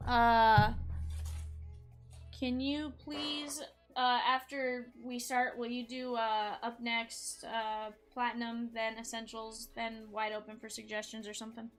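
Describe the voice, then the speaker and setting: A woman's voice: on the high side, level tone, unhurried, fairly bright tone, soft background music. A woman hosting a live card break stream, chatty and upbeat, talking straight to her viewers.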